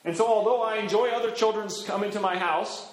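A middle-aged man preaching a sermon as a pastor, animated, swinging his pitch up and down as he acts out quoted voices. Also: brisk, reverberant, low-quality recording.

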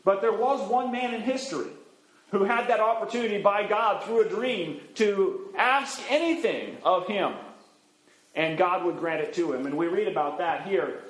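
A man preaching from the pulpit, relaxed and folksy as he tells a story and plays its characters. His voice sits fairly high, and the recording carries the roomy echo of a church. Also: normal speed. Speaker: pastor. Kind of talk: sermon storytelling.

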